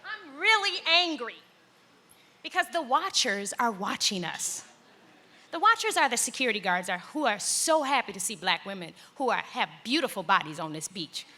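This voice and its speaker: A middle-aged woman telling a personal story on stage in a large hall, acting out the voices with big jumps in pitch. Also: very animated, normal speed, sharp tone. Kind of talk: live storytelling performance.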